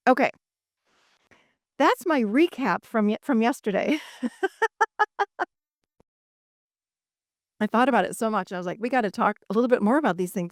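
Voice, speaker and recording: A woman talks to a live audience with a fairly high voice and tells her stories expressively. She acts out the other people's voices and laughs often. The sound is dry and close, with little room echo. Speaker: speaker at a live event. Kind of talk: animated talk to a live audience.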